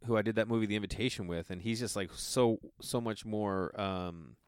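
A man's voice: on the low side, normal speed, clean tone, no room sound. Rambling man telling a story, dry sound. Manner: rambling, with constant filler 'like'. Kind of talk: casual anecdote.

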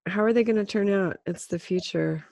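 A woman in her thirties talks casually on her podcast, her voice a little gravelly. She is chatty, self-doubting and laughs easily. The recording is dry and close, with no room sound. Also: medium pitch, a little fast, a little mellow, dry recording. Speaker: podcast co-host. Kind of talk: casual chat.

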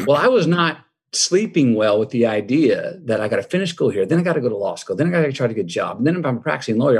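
A man's voice: medium pitch, husky. A man in his fifties, a guest telling a personal story in a folksy, reflective way and acting out the dialogue he quotes. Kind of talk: conversational storytelling.

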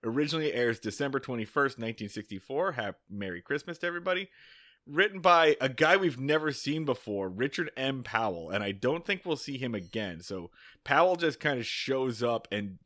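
A man's voice: mid-range voice, expressive, a little fast, fairly bright tone, no room sound, studio quality. A man co-hosting a comedy podcast, bantering sarcastically and swearing casually. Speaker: podcast co-host.

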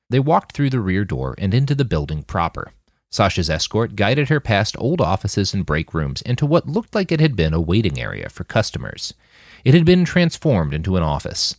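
A man narrating an audiobook chapter in a scripted, expressive reading on a close mic. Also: lowish voice, moderate pace, no echo. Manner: expressive, wide-ranging reading.

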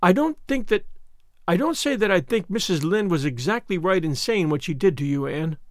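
A man's voice: high voice, expressive, normal speed, dry recording. A man reading an audiobook, voicing a strict, dry, reproving middle-aged woman. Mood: scolding.

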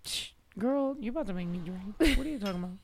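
A woman hosting a podcast, telling stories in a loud, animated way with plenty of cursing. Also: medium pitch, fast, a loud crowd. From Mexican-American family. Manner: loud, animated storytelling with profanity. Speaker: podcast host. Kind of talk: casual chat.

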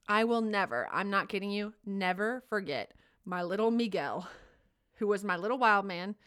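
A woman's voice: mid-range voice, lively intonation, moderate pace, fairly bright tone, clean tone. A woman co-hosting a teaching podcast, telling classroom stories in an earnest, heartfelt way. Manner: earnest, storytelling, emotional. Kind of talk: casual podcast chat.

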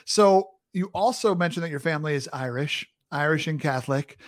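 A man's voice: fairly high pitch, brisk, no room sound, clean studio sound. A man hosting a casual interview, easygoing and hesitant, with many small restarts. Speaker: podcast host.

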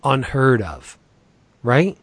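An enthusiastic man in relaxed conversation, gushing and tripping over his words as he acts out bits of dialogue. The sound is dry and close, with no room around it. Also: mid-range voice, drawn-out words, slightly rough, no room sound. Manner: enthusiastic, acts out quotes, many restarts. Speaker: podcast co-host reviewing comics. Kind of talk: casual chat.

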